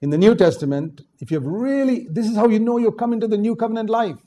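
An older man from India preaching a sermon, swinging from low asides to loud, emphatic exhortation. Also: fast, slight background noise.

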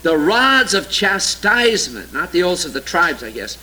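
A man preaching a sermon and reading scripture aloud, sarcastic and mocking toward views he rejects, swinging between loud exclamations and low, quiet asides. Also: big pitch swings, normal speed, low-quality recording.

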